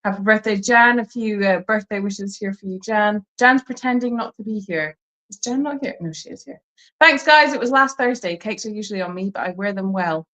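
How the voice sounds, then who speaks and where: A woman's voice: medium pitch, brisk, a bit bright, low-quality recording. Woman, co-host, live Q&A chat, reads viewer comments, casual with fillers.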